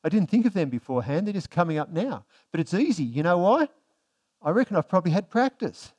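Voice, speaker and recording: A pastor preaching a sermon, asking the congregation rhetorical questions and swinging between emphatic and hushed delivery. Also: male voice, sits high, sing-song, fast talker, breathy edge.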